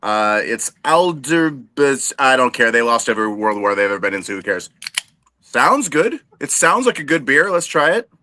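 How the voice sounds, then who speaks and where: Bright, lively joking male podcast host. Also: mid-range voice, normal speed, no echo. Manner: dry self-deprecating jokester. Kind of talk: casual podcast banter.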